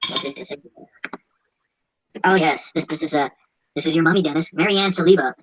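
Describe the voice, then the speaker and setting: A woman's voice: low-pitched, fairly quick, background noise. A woman hosting a podcast in casual, profane chat, mocking and laughing, stumbling as she reads aloud. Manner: crude, mocking, laughs often; stumbles while reading aloud. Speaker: podcast host.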